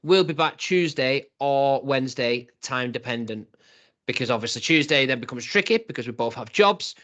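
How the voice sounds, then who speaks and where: A man hosting a casual wrestling podcast, chatty and quick to laugh, acting out what people said. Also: mid-range voice, expressive, a bit bright. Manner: chatty, laughs often, reports scenes with quoted voices. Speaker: podcast host.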